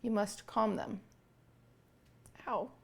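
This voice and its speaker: A woman's voice: mid-range voice, takes it slowly, creaky, breathy edge. A young woman streaming from her home kitchen, chatting casually with viewers and cooing at her cat between remarks. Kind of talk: casual live-stream chat.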